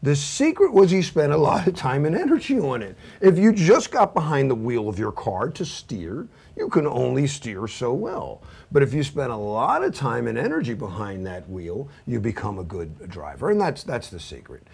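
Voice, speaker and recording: A man's voice: mid-range voice, very animated, moderate pace, creaky, hardly any pauses, darkish tone, slightly rough. A man in his fifties giving an informal, rambling training lecture, full of asides and self-deprecating jokes. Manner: rambling anecdotal, self-deprecating, many fillers and restarts. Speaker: cybersecurity instructor.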